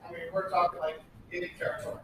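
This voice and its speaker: A man from the United States gives a casual history lecture, blunt and full of sarcastic asides. His voice sits high for a man. He is heard from a distance in a very echoey classroom, with faint room noise behind him. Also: big pitch swings, racing, creaky. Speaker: history teacher.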